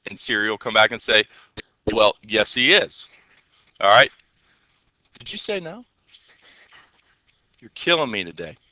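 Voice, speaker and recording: A male teacher giving a classroom coding lesson, energetic and constantly checking in with rhetorical questions. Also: on the low side, normal speed, long pauses, dry recording, rough recording.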